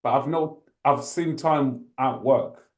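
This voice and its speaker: A man hosting an interview, clarifying a point with measured follow-up remarks. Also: mid-range voice, fairly even intonation, a crowd in the background. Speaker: podcast host. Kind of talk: interview conversation.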